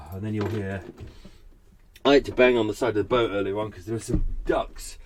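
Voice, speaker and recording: A man's voice: on the low side, fairly even intonation, normal speed. A man chatting casually and unscripted as a podcast host, tired and a little out of breath, talking from his boat. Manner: rambling, chatty, self-deprecating.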